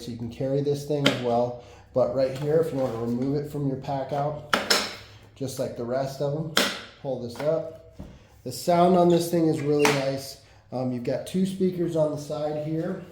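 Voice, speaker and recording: A man giving a relaxed, matter-of-fact hands-on walkthrough of a product he is reviewing. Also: medium pitch. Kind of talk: casual hands-on product demo. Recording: roomy echo, faint background noise.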